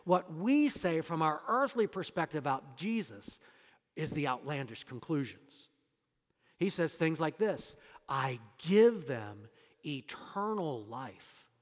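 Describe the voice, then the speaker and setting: High-voiced man preaching in a reverberant hall. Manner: emphatic preaching that drops to soft, hushed lines. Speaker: pastor. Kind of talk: sermon.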